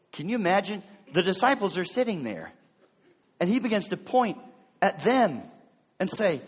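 A man's voice: big pitch swings, moderate pace, slightly rough. Preacher man in a reverberant hall. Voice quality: dramatic, voicing biblical figures with wide swings in pitch and loudness. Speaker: pastor. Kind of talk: sermon.

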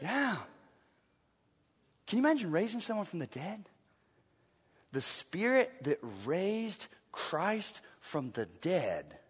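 High bright-voiced preacher in a hall. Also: male voice. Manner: emphatic preaching with dramatic hushed drops and playful asides. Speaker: pastor. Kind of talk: sermon. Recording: long church reverb.

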